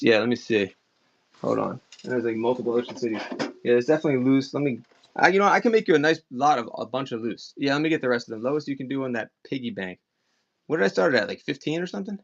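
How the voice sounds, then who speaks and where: Chatty Maryland man selling live. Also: mid-range voice. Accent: slight Maryland. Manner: rambling, chatty, many "like" fillers. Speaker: online auction seller. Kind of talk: casual live-selling chat. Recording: slightly dull lo-fi stream audio.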